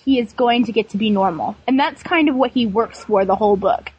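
A woman's voice: on the high side, fairly quick, a little mellow, breathy edge, dull audio. A woman co-hosting a casual fan podcast, opinionated and self-deprecating. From United States. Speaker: podcast co-host.

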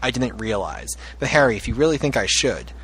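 A man's voice: mid-range voice, fairly quick, fairly bright tone, husky, rough recording. A man reading out the lines of a proud young woman from a story, in his own plain, subdued reading voice. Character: proud young woman character, read aloud.

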